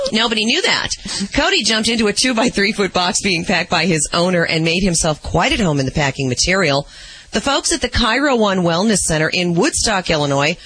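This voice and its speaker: A man's voice: sits high, sharp tone, husky, no echo, rough recording. A man reading light-hearted animal news on radio in a chatty, amused way. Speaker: news reporter.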